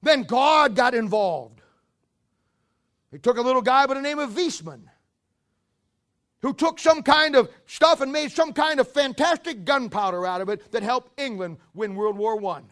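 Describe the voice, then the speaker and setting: A man's voice: very high voice, normal speed, a bit bright. A male preacher giving a fiery sermon, firing off rhetorical questions and telling history as a story.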